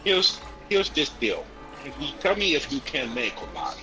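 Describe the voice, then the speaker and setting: A man's voice: on the high side, very animated, moderate pace, sharp tone, soft background music, pitched above the performer's own voice, rough recording. A man voicing a formal, overly polite foreign traveler who speaks in broken, stilted English. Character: formal foreign male traveler, halting speech.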